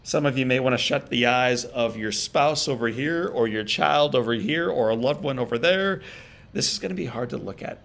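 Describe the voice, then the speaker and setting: Gravelly-voiced man giving an inspirational speech. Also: medium pitch, a bit bright. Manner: emotional storytelling, pauses and repeats for emphasis. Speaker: motivational speaker. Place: virtual event stream.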